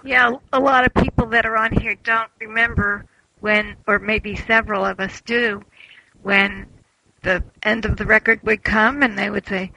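A man with a gravelly, bright voice chatting in a book club. He talks in an opinionated, nostalgic way. His pitch sits in the middle. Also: steady tone, normal speed, slight background noise, rough recording. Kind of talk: casual group chat.

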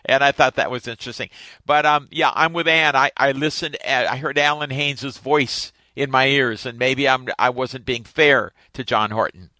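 A man in a casual group discussion about books, giving lively, opinionated asides. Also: medium pitch, moderate pace, no room sound.

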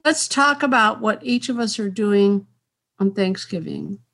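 A woman's voice: medium pitch, measured pace, a bit bright. An older woman leading a casual group call, talking in a hesitant way with many restarts.

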